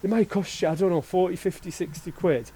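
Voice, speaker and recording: High, mellow-voiced chatty car dealer. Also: male voice, brisk, slightly rough, poor audio. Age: 40s. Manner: chatty, gives friendly advice. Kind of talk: casual presenting to camera.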